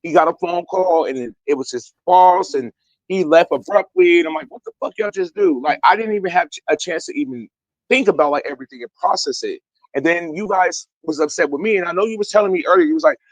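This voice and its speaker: A man's voice: a little high, dry recording, rough recording. A young man calling into an online talk stream from outdoors, speaking in a profane, emphatic and rambling way, defending himself. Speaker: guest. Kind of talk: heated online call-in talk.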